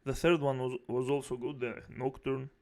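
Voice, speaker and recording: A man's voice: medium pitch, little pitch movement, normal speed, a little mellow. A man streaming, reacting to videos and answering chat with angry, profane rants. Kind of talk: live reaction commentary.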